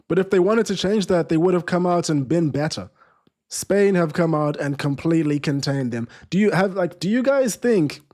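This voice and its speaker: Reading out viewer comments on his live football watchalong, this man has a rather high, slightly mellow voice. His chat is casual, and he often starts sentences over.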